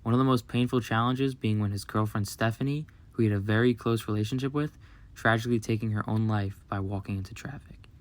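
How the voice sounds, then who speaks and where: Low-voiced man reading a documentary script. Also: steady tone, fast. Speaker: documentary narrator. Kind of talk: scripted narration.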